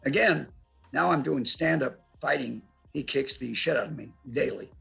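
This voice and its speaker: A man in his eighties with a heavily gravelly, husky voice tells his stories brashly and with plenty of swearing. He talks as a guest on a podcast, with faint music underneath. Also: medium pitch, moderate pace. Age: 80s. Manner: brash, profane, animated storyteller. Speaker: interview guest, martial artist. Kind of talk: storytelling in a podcast interview.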